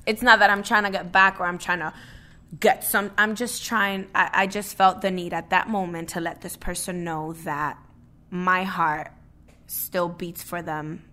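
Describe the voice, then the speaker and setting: A woman's voice: fairly low pitch, steady tone, a little slow, pushed and bright. A woman co-hosting a podcast, chatting candidly and often restarting her words. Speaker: podcast co-host. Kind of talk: casual chat.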